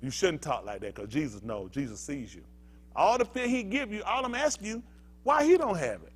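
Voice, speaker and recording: A man's voice: on the high side, sing-song, a little fast, husky. An older male pastor giving a fiery sermon, heated and emphatic, firing rhetorical questions at the congregation.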